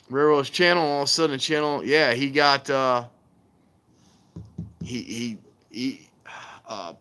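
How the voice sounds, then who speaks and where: Bright-voiced man chatting casually. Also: medium pitch. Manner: rambling, animated, acts out quoted voices; warns viewers against scams. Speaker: railfan livestream host. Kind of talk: casual chat while filming trains.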